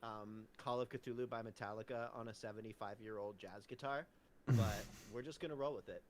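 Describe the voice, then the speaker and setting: A man's voice: fairly low pitch, brisk, slight background noise. A man co-hosting a live stream, joking loosely and swearing casually over a voice-call mic. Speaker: podcast co-host and guitarist. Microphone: computer mic over a voice call.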